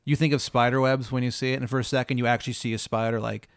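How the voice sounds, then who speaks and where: A man's voice: medium pitch, level tone, racing, vocal fry, clear, resonant tone, no room sound. A man hosting a podcast, narrating an improvised comic scenario in a playful, swearing way into a close mic. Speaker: podcast host. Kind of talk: improvised storytelling.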